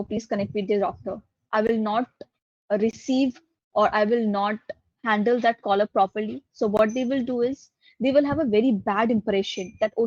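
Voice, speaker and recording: Step-by-step explanations and repeated key points mark this online course lecture from a guest lecturer, a woman with an Indian English accent. She sounds a little high and a little mellow, on dull, dry, lo-fi audio.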